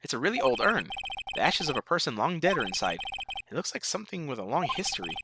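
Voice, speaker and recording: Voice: medium pitch, sing-song, fast, heavy background noise. A let's player casually reading the game's text aloud, with joking asides. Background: game music.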